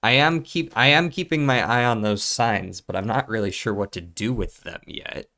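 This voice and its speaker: A man's voice: on the low side, moderate pace, creaky, bright, forceful tone. A man streaming a puzzle game, thinking aloud in a casual, profane mutter as he works through clues.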